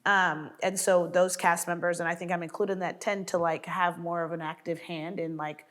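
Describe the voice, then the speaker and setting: A woman's voice: lowish voice, little pitch movement, moderate pace, a bit bright. A woman comedian chatting in an interview. She tells stories animatedly, acts out quotes, and laughs often. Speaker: sketch comedy cast member. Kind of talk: casual interview chat.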